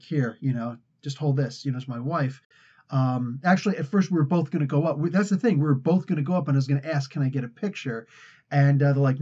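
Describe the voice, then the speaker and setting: A man's voice: on the high side, highs cut off. An American man hosting a comic culture channel, telling a rambling casual story and acting out the quotes with laughs. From United States. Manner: rambling, animated retelling with acted-out quotes and laughs.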